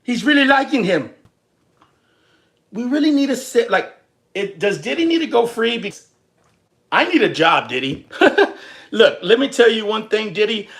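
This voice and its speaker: Pausing often, a young Texan livestreamer goes on a profane, rambling rant, animated and joking around with his viewers as he chats. His voice sits high and moves at normal speed.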